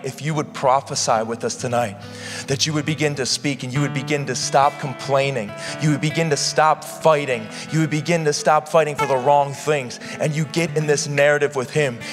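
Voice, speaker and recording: Impassioned preacher in an echoey hall. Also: male voice, medium pitch. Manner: impassioned, questions the congregation directly. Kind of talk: sermon. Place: church hall with live congregation.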